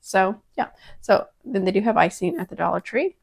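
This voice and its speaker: A woman's voice: mid-range voice, lively intonation, moderate pace, gravelly. A woman casually testing kitchen gadgets at home, chatty and prone to dramatic exclamations. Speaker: product-testing vlogger. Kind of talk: casual kitchen product review.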